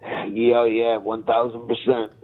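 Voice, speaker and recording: A man's voice: medium pitch, completely flat delivery, takes it slowly. A male guest giving brief, laid-back replies in a casual chat, often laughing. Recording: tinny phone-like call line.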